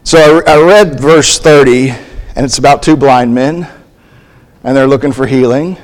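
A man preaching a sermon in a halting, thinking-aloud way, often restarting his phrases and reading scripture aloud. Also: mid-range voice. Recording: long hall reverb.

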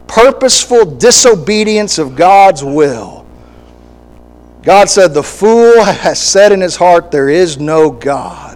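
A man preaching with a high voice and an unhurried, drawn-out delivery. He is animated, acts out the voices he quotes and laughs between points. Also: rough recording. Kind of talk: sermon.

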